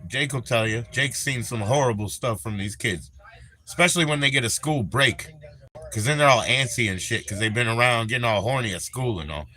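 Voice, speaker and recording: A man's voice: medium pitch, a little fast, pushed and bright. An older man on a live stream, rambling and swearing as he greets viewers and chats casually.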